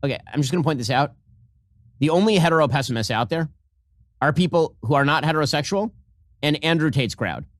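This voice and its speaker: A man's voice: on the high side, animated, a little fast, pauses often, dry recording, clean studio sound. A man delivering opinion commentary, emphatic and sardonic, reading quotes aloud. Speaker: political commentator.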